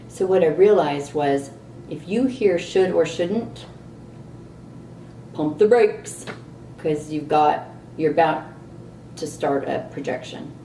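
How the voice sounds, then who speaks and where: A middle-aged woman vlogging a candid personal story, animated and exasperated at times. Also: low voice, takes it slowly, pauses often, slight background noise. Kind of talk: personal reflective monologue. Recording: roomy echo, distant mic, faint ambience.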